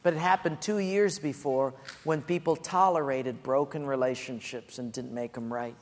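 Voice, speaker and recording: A man preaching a sermon as pastor, earnest and repetitive, dropping soft and low on his key points. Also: fairly even intonation, normal speed. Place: church sanctuary. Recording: echoey hall.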